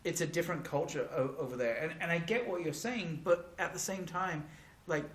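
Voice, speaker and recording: A man's voice: fairly high pitch, a bit bright. Stammering British man, echoey room. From Britain. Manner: halting, stammers, restarts often. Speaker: podcast co-host. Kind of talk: casual chat. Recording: echoey room with faint noise.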